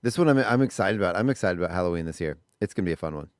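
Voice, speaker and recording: A man co-hosts a morning radio show in a relaxed, rambling way. His voice is low and gravelly, recorded dry and close on a studio mic. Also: rapid-fire, no room sound. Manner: easygoing, rambling. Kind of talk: casual radio banter. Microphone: studio microphone.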